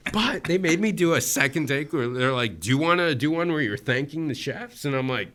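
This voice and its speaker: Egyptian-born guy spinning a funny story, bright voice, does the voices. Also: on the high side, a little fast, few pauses, slight background noise. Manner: animated, acts out quoted voices. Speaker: comedian guest. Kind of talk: casual storytelling.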